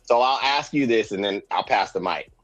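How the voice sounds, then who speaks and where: A man hosting a podcast discussion, with a husky voice and a lively, rising and falling delivery. He asks probing questions and searches for his words. The sound is dry and dull, like a lo-fi mic. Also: lowish voice, moderate pace, no room sound. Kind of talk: casual discussion.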